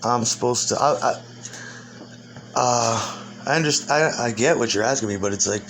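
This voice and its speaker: A man's voice: medium pitch, normal speed, a bit bright, slight background noise. A man rambling through an improvised monologue in the persona of an ancient demon. He swears constantly, laughs between phrases and keeps restarting his sentences. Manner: profane, laughs often, restarts and trails off.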